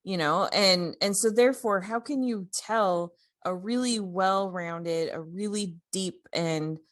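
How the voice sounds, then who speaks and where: A woman co-hosting a podcast, telling a story in a casual, animated way, with many fillers and restarts. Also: medium pitch, slow pace, no room sound, clean studio sound. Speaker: podcast co-host.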